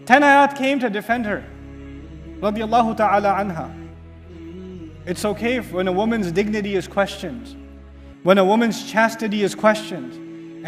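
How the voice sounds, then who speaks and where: A man giving an Islamic lecture, telling a story with dramatic pauses and asking the audience rhetorical questions that he then answers himself. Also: extremely high pitch. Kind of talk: religious lecture. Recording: hall reverb with faint music.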